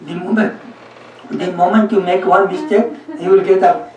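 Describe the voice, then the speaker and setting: A man's voice: high-pitched, fairly even intonation, normal speed, darkish tone, muffled recording. A man, a monk, telling humorous anecdotes in a talk to an audience, often laughing. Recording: echoey room, mic far off.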